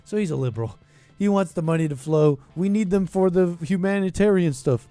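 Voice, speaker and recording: A scornful American man hosting a political commentary show, his voice pitched a little high. He rants with heavy sarcasm over faint background music. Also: fairly quick, dark tone, dry recording. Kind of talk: ranting call-in show commentary.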